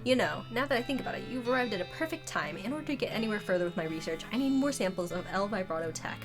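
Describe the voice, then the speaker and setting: An eager tinkerer man who explains his gadgets and plans in a plain, matter-of-fact way, read out by a woman. The voice is mid-pitched and unhurried, with no heavy character put on. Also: lively intonation, over music, close to an everyday voice. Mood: explaining. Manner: reading game dialogue aloud, explaining. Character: eager male tinkerer scientist.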